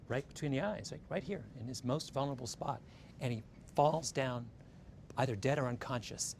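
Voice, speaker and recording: A man's voice: lowish voice, a little hiss or hum. A man giving a storytelling talk, telling the story with animation and often checking in with his listeners. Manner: animated, keeps checking in with "right?". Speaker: speaker retelling a story.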